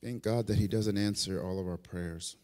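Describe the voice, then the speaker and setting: A male pastor preaching a passionate sermon. He swings from loud, urgent peaks to quiet, intimate asides and acts out prayers and God's replies in the first person. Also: fairly low pitch, steady tone, moderate pace, in a large hall. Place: church sanctuary.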